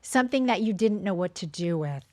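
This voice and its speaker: A woman's voice: medium pitch, lively intonation, a little fast, no echo. A woman co-hosting a podcast, asking questions and encouragingly summing up her sister's stories. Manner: warm, encouraging, sums up what the guest says. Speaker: podcast co-host. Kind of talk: casual interview chat.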